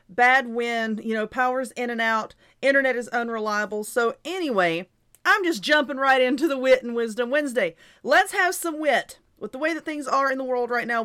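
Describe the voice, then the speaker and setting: A middle-aged woman reads an article aloud on her own show, tossing in chatty asides and small laughs. Her voice sits a little high for a woman. The tone is loose and conversational. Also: fairly bright tone. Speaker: host. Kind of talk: casual chat reading an article.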